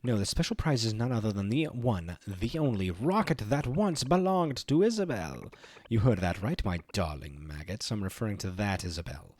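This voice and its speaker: A man's voice: lowish voice, expressive, moderate pace, darkish tone. A man voicing a long-winded, theatrical male game-show villain while reading game dialogue aloud, in a grandiose, teasing announcer manner.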